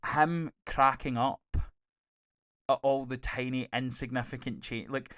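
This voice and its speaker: A man co-hosting a podcast, chatting in a gushing, sweary, animated way. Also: medium pitch, unhurried. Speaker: podcast co-host. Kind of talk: casual review chat.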